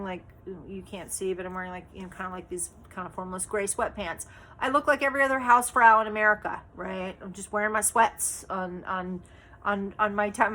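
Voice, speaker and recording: Chatty bright-voiced woman vlogging. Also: mid-range voice. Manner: chatty, full of fillers and tag questions like right and okay; indignant, exasperated retelling. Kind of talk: casual storytelling to camera.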